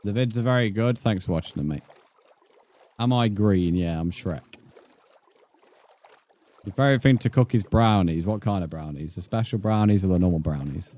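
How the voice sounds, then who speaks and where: A man's voice: sits low, normal speed, long pauses, warm tone. A man livestreaming a game, chatting bluntly and swearing as he reads out his chat. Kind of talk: casual live gaming stream chat.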